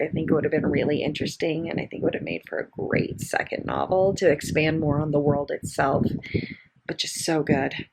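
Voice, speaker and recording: A woman's voice: deep voice, heavy background noise. A young woman in her twenties chatting casually in a reading vlog, gushing with lots of "really" and "like". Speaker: book vlogger.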